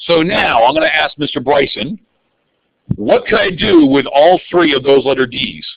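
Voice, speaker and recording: Man, math teacher, lively pitch, gravelly voice, dull dry lo-fi sound, calling on students. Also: normal speed, dry recording. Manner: calls on students by name, animated and upbeat. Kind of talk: live online algebra review lesson.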